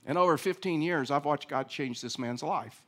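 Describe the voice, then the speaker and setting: A middle-aged male pastor preaching a sermon, telling a story with big swings between loud and soft. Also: on the high side, moderate pace.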